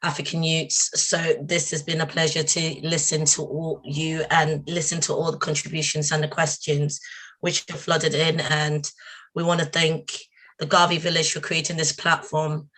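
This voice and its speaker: A woman's voice: sits low, flat delivery, normal speed, fairly bright tone. A woman with a Nigerian accent hosting a live online radio show, introducing guests with effusive praise. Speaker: host.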